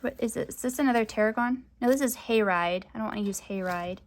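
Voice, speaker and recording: A woman's voice: on the high side, fast talker, a little hiss or hum. Chatty young woman crafting vlogger. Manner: chatty, rambling, many fillers, voice rising at sentence ends. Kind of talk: casual chat to camera.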